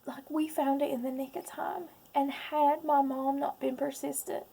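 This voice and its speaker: Woman, 30s, personal vlogger, tearful and halting, slightly high, fry-heavy voice. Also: little pitch movement, dark tone. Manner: tearful, halting, many pauses and ums. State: close to crying. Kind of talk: emotional personal vlog.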